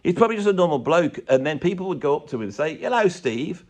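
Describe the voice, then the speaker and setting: A man's voice: on the high side, lively intonation, racing. Sarcastic man ranting. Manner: rambling, sarcastic, self-mocking. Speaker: YouTube commentator. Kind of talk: comedic ranting commentary.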